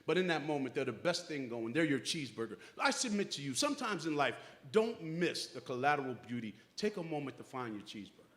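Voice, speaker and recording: A man's voice: on the high side, very animated, fast talker, few pauses, fairly bright tone. A middle-aged man as master of ceremonies, giving an uplifting speech in a church hall with folksy storytelling that acts out quoted voices.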